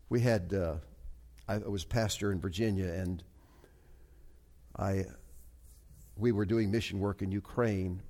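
A man preaching a sermon as a pastor, telling a story earnestly with many halting restarts and swings from soft asides to emphatic climbs. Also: fairly low pitch.

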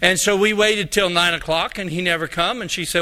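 A man's voice: high voice, fairly even intonation, fairly quick, pushed and bright. A man preaching a sermon, a pastor from Colorado who tells a folksy story and acts out both sides of the dialogue.

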